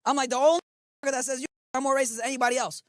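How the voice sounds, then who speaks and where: A woman's voice: high voice, fairly even intonation, very fast, no room sound, clean studio sound. A woman in a played clip ranting in a scornful, sarcastic tone, mocking her targets. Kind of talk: mocking rant.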